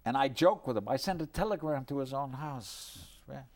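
An older man recounts a personal story with an animated, sweeping delivery. His pitch rises and falls a great deal, and his voice sits at an ordinary male pitch, neither high nor deep. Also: moderate pace. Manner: lively, animated storytelling, drops low for asides. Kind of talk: anecdotal storytelling.

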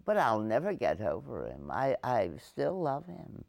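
An older woman with a deep voice, reminiscing haltingly in an interview with frequent restarts and laughter. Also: wildly swooping pitch, gravelly, a little mellow.

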